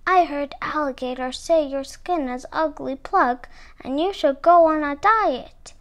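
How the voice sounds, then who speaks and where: A woman voicing an eager, excitable male armadillo in a storybook reading. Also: high-pitched, measured pace. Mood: sly.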